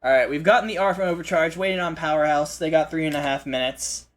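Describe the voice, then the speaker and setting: A man hosting a live esports broadcast, commentating with excitable energy and frequent restarts. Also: a little high. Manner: excitable, fast restarts and repeated phrases. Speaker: esports play-by-play host.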